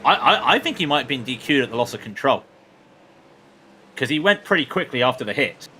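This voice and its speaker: Bright-voiced male race commentator. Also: medium pitch, sing-song, slightly rough. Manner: chatty, bantering, quick asides. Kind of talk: sim racing commentary.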